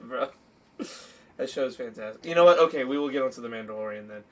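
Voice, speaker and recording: A young man hosts a casual podcast and livestream from his desk in a home streaming setup, teasing his friend and laughing often. His voice is medium-pitched and quick, with crowd noise in the background.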